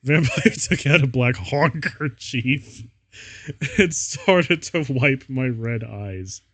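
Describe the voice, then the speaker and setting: A man's voice: mid-range voice, expressive, takes it slowly, husky, no echo. A male streamer reading fan fiction aloud, amused and laughing often.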